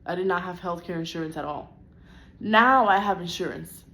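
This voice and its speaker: A woman's voice: lowish voice, normal speed, a bit bright. A young woman vlogging a frustrated personal rant, upset and close to tears, with lots of "like" in her talk. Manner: frustrated, venting, heavy use of "like".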